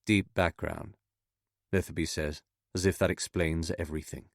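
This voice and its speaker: Low-voiced man reading an audiobook. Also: fairly even intonation, vocal fry, no echo, studio quality. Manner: measured reading, voicing characters with little change. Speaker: audiobook narrator. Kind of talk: scripted audiobook narration.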